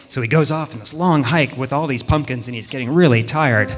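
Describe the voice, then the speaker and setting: A man telling a children's story at church in a relaxed, lightly rambling way. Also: mid-range voice, a little fast, over music. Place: church sanctuary. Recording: long hall reverb.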